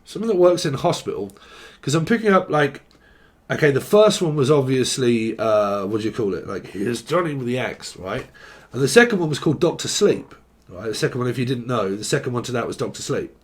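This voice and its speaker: A man's voice: mid-range voice, expressive, a little fast. Rambling English man reading tarot. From England. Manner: rambling, swearing, free-associating. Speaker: tarot reader.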